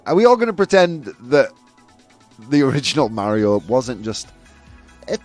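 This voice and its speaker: A male host running a live-stream chat show, talking in an animated, provocative way and laughing often. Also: mid-range voice, normal speed, faint music behind.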